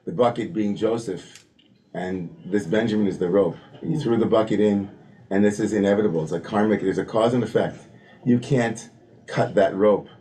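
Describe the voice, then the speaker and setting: A man's voice: fairly low pitch, normal speed, warm tone. A man leading a text study at a service, talking in a chatty, conversational way with many "you know"s and "right?"s, reading Hebrew passages aloud and then explaining them.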